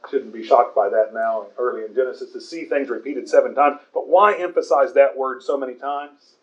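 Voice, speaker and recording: A man preaching a sermon, explaining a Bible passage in an earnest, emphatic way with pauses and the odd chuckle. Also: mid-range voice. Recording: dull lo-fi recording.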